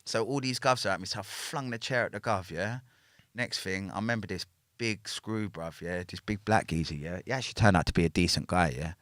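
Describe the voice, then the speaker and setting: Low-voiced man, dry sound. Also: fairly quick, fairly bright tone, dry recording. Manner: slang-heavy, constant "yeah?" and "innit" tags. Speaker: podcast guest, former prisoner. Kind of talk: casual storytelling.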